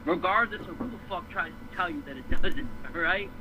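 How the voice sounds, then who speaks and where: A man's voice: sits high, expressive, a little fast. A man ranting hard about a boxing decision, swearing often and repeating himself as he builds his case. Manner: fired up, profane, repeats himself. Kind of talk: heated boxing rant. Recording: dull lo-fi stream with faint noise.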